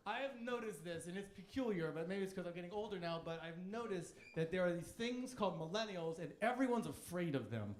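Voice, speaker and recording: A man's voice: high voice, expressive, brisk, few pauses. A man in his thirties doing a stand-up routine on a comedy club stage, cocky, provocative and crude. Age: 30s. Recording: echoey club room.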